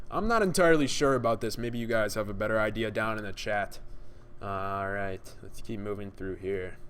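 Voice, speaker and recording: A young man breaks down a game trailer live on stream, his voice sitting at an ordinary middle pitch. He sounds excited and chatty, and he keeps talking straight to his viewers in the chat. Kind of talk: live-stream gaming commentary.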